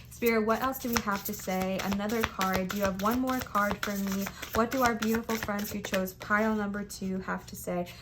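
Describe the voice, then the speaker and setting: A woman's voice: mid-range voice, background noise. A young woman giving a casual tarot reading, talking with emphatic, repeated reassurances and slangy, chatty phrasing. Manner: chatty and slangy, says frickin' and bestie. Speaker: tarot reader.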